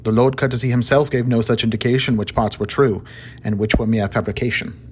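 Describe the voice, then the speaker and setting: Guy narrating a story slowly and calmly, husky voice, middle pitch.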